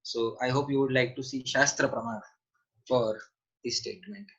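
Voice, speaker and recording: A man's voice: medium pitch, lively intonation, normal speed, a bit bright, dull audio. A man teaching a scripture seminar online, answering questions and repeating key points with emphasis.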